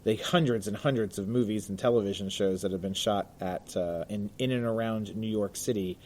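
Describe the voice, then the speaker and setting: A man co-hosting a casual podcast conversation, chatty and jokey, laughing often and filling pauses with "uh". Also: on the low side, a little mellow, slight background noise. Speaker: podcast co-host. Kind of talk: casual chat. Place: Baltimore.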